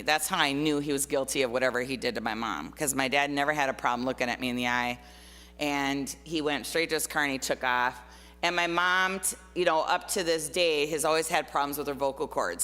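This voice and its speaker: Bright-voiced woman in an echoing hall. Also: low voice. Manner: conversational, many fillers, personal storytelling. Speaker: artist giving a talk. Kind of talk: informal presentation of artwork. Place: church forum room. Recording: long hall reverb.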